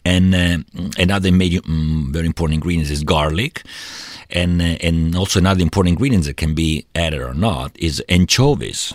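A middle-aged Italian man with a notably low voice, speaking English with an Italian accent. He talks in halting phrases, full of fillers and restarts as he searches for words. The recording is close and dry. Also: dry recording. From Italy. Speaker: guest, travel business owner. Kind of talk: interview.

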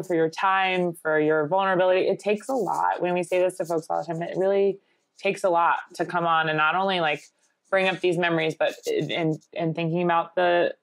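Low-voiced earnest woman host. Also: no room sound. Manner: earnest and effusive, piling up clauses. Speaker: podcast host. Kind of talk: casual conversational interview.

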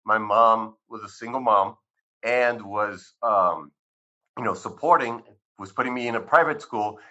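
On a slightly muffled recording, a chiropractor in his sixties is interviewed about his life story. His voice is lowish and sharp, and he rambles conversationally, using many fillers and acting out quotes.

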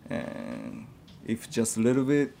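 A man who is a chef, chatting as a guest in an interview and speaking in halting, simple phrases with many fillers. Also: fairly low pitch, huge pitch swings, gravelly, dark tone, a little hiss or hum. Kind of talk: casual interview chat.

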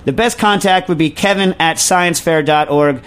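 A man's voice: fairly high pitch, moderate pace, a bit bright, clear, resonant tone. Rambling American man hosting a podcast. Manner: rambling, self-interrupting, jokey. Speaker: podcast host. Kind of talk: casual advice chat.

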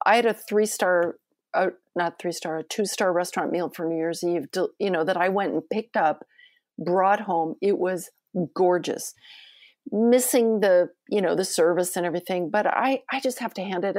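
A woman cookbook author and cooking teacher, talking in an expressive, enthusiastic way in a podcast interview. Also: on the low side, no echo, clean studio sound. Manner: chatty, expressive, enthusiastic storytelling.

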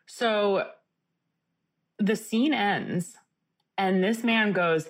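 A young woman, a podcast co-host telling a story in casual chat. She swears freely and jumps up in pitch when she quotes other people. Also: unhurried, long pauses. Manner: animated, profane, jumps up in pitch for quoted voices.

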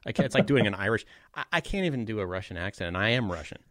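A man's voice: lowish voice, big pitch swings, very fast, no echo, studio quality. A man hosting a podcast in casual chat, laid-back and rambling. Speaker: podcast host.

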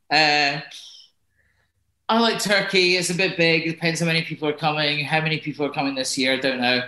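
A man's voice: a little high, moderate pace, long pauses, bright, forceful tone. A chef on a video call, laid-back and laughing easily as he chats. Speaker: chef, restaurant co-owner. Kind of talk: casual conversation. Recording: roomy echo.

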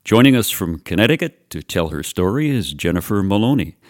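A man hosting a podcast, reading a measured intro and interviewing a guest. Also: on the low side, very animated, dry recording, clean studio sound. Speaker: podcast host.

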